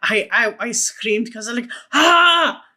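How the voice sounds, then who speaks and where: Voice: mid-range voice, normal speed, pushed and bright. A co-host on a casual film podcast, talking with blunt enthusiasm and some swearing.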